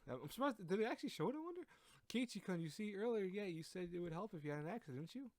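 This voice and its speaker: A man voicing a sweet, timid teenage girl who talks in a soft, apologetic lilt. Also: sits high, very animated, fast talker, no echo, voice pushed up.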